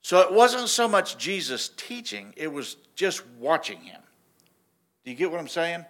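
A man preaching a sermon in a casual, animated storytelling way, often restarting his sentences. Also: on the high side, measured pace. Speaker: pastor.

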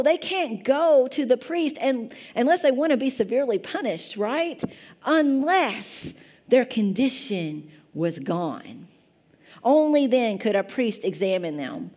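A woman's voice: sits high, darkish tone. A woman in her thirties preaching a sermon in a church, conversational and often asking the congregation questions. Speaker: pastor. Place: church sanctuary.

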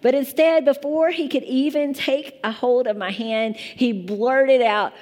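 A woman's voice: sits high, fairly even intonation, measured pace, mellow. A woman pastor in her thirties from Kentucky with a strong Kentucky accent, preaching a chatty, self-deprecating sermon. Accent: Eastern Kentucky.

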